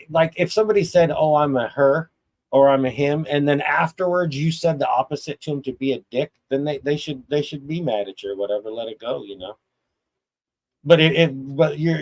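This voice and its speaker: A man's voice: mid-range voice, brisk, darkish tone, rough recording. Middle-aged guy ranting on his live stream, swears a lot, blunt, keeps restarting his sentences. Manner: blunt, profane, rambling with restarts. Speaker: host of a live chat stream. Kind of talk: casual livestream rant.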